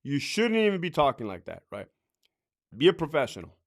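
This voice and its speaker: A former prison guard talks straight to new officers, swearing freely and checking in with "right?" over and over. His voice sits a little high for a man and swings widely up and down as he drives his points home. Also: huge pitch swings, a little fast. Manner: blunt and profane, repeats "right?" often. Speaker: former correctional officer giving advice. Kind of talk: casual training talk.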